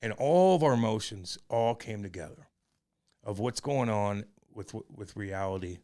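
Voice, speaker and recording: A man in his forties co-hosting a podcast, telling a personal story in a rambling, profane way that turns loud and heated. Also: on the low side, animated, normal speed. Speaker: podcast co-host. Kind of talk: candid casual chat.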